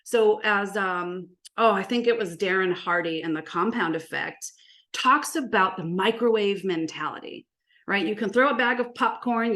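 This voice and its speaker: A woman who works as a marketing coach, giving an energetic, animated presentation full of stories and rhetorical questions. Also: medium pitch. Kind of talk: presentation to an audience.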